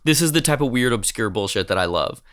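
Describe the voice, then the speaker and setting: A man co-hosting a podcast in a casual, comedic chat, telling stories excitably and swearing freely. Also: medium pitch, quick pace. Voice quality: profane, excitable storyteller. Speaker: podcast co-host.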